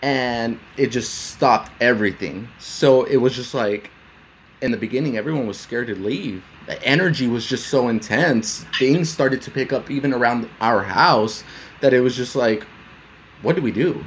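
A man's voice: mid-range voice, moderate pace, a little hiss or hum, rough recording. A man interviewing a guest in a casual chat, reacting with short affirmations and laughter. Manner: brief reactions and easy laughter.

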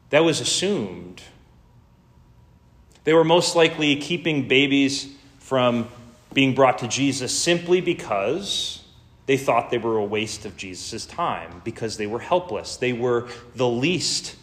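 Slow, earnest male preacher. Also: medium pitch, a bit bright. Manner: earnest, unhurried preaching with emphatic lists. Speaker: pastor. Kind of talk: sermon.

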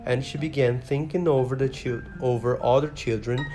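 A man's voice: medium pitch, fairly even intonation, normal speed. Man reading a storybook over guitar. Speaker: narrator. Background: guitar music.

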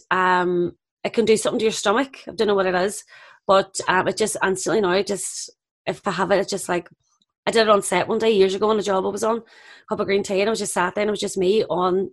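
A woman's voice: medium pitch, fairly even intonation, fast. Candid Northern Irish woman chatting. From Northern Ireland. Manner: candid, laughing anecdotes. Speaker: actress guest. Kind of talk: casual chat.

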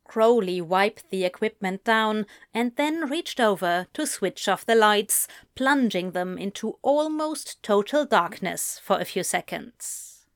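A woman reading romance fan fiction aloud in slow, gentle narration. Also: mid-range voice, animated, no room sound, clean studio sound. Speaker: audiobook reader.

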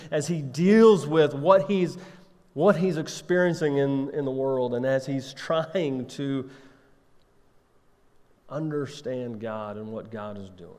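A man delivers a sermon in a relaxed, conversational preaching style, often turning to his listeners with questions. His voice sits a little on the higher side. The recording carries the long reverb of a big hall. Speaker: pastor.

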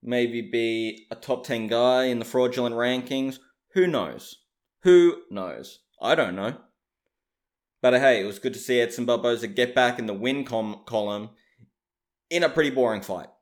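A man's voice: mid-range voice, measured pace. Chatty man giving fight opinions. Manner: opinionated, chatty, hedges his claims. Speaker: MMA commentator. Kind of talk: casual fight recap.

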